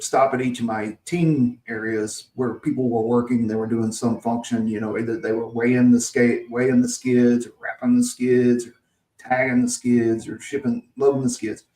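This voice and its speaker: A podcast host from Mississippi, a man, rambles through a long workplace story in casual chat, restarting often and chuckling along the way. His voice is medium in pitch and a little mellow, picked up by a distant mic in a roomy space.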